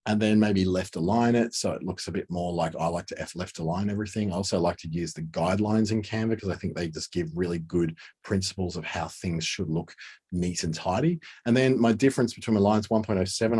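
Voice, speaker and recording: Low husky male tutor, casual and thinking aloud, for a screen tutorial. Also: a little mellow. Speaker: design tutor. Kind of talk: screen-share software tutorial.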